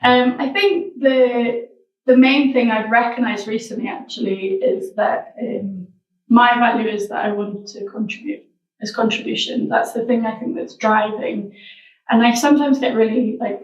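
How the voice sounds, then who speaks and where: A woman with a fairly high, steady voice reflects on her wellbeing social enterprise in a casual interview, often searching for the right words as she talks at normal speed. The audio is dull and roomy, picked up by a distant mic.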